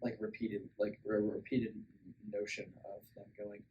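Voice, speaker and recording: A man's voice: on the low side, completely flat delivery, unhurried, far from the mic, lo-fi sound. A man co-hosting a casual movie review podcast, recapping scenes and mocking the characters in exaggerated voices. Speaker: podcast co-host. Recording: faint background noise.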